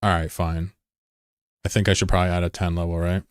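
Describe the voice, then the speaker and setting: A male streamer from the United States with a low, deep voice. He talks in a loose, rambling way and cracks jokes while answering his chat. The recording is close and dry, with no room sound. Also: level tone, quick pace, dry recording. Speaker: live streamer. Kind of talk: casual live-stream chat.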